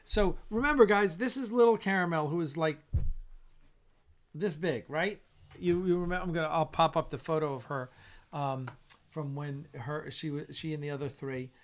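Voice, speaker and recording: A man's voice: a little high, normal speed. Tired, blunt man hosting a live chat. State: tired and yawning. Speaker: host of a live stream. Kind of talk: casual live-stream chat.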